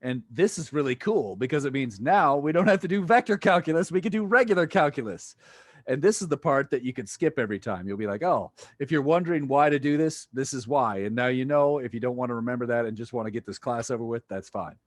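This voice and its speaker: Playful physics lecturer on a video call. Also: male voice, medium pitch, expressive, quick pace, hardly any pauses, no room sound. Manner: playful, jokey, quizzes students. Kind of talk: online lecture.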